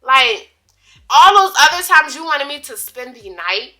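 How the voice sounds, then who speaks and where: A woman's voice: high-pitched, a little slow. A young woman in a casual storytime vlog, chatty and dramatic, using slang and talking straight to her viewers. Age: young adult. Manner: chatty, animated, dramatic retelling with asides to viewers; drawled slang, casual speech. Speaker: vlogger.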